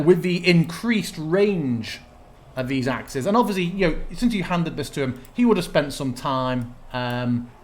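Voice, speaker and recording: A man acts as game master for a tabletop game, narrating in a relaxed, thinking-aloud way as he sorts out rules. His voice sits at an ordinary pitch. A faint ambient hiss runs underneath.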